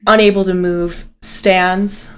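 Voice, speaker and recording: A woman game master narrating a tabletop game with intensity, swearing freely and dropping low for solemn moments. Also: level tone, slow, clear, resonant tone.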